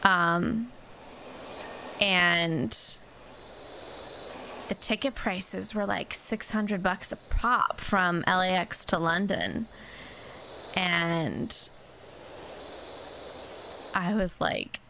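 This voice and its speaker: A woman's voice: lowish voice, takes it slowly, gravelly, long pauses, pushed and bright, a little hiss or hum. A young woman chatting casually and rambling while she plays a video game. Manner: chatty, rambling, self-deprecating. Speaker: gaming vlogger. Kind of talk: casual chat while gaming.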